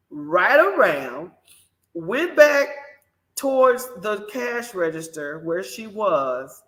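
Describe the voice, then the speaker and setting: Unhurried woman host in an echoey room. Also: medium pitch. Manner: animated, emphatic, speaks directly to listeners. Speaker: morning show host. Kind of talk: personal storytelling monologue. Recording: roomy echo.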